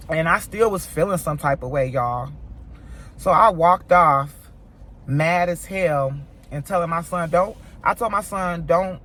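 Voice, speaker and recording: A woman telling a storytime vlog to her viewers, animated and profane, acting out what others said. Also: low-pitched, a little hiss or hum. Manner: animated, profane retelling, voicing quoted people; talks straight to viewers as "y'all". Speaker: mom vlogger.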